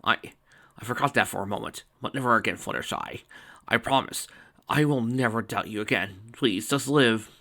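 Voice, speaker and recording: A man's voice: medium pitch, normal speed, bright, forceful tone. A man voicing a devoted male chaos creature, pleading and emotional.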